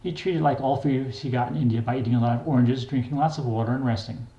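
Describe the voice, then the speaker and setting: An older man reads his own memoir aloud in a plain, wry, unhurried way. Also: medium pitch, warm tone, lo-fi sound. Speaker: memoir reader. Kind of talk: memoir narration. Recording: echoey room.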